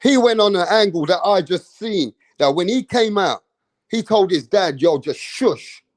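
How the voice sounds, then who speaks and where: Excitable high-voiced man. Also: moderate pace, no echo. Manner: excitable, slangy, repeats himself. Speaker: boxing commentator. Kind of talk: casual commentary.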